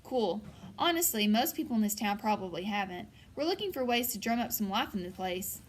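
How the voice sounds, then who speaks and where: A woman's voice: mid-range voice, sing-song, brisk, a little hiss or hum, lightly acted. A woman reading the lines of a cheerful, chatty teenage girl who works at a library. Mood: upbeat. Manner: bubbly, friendly.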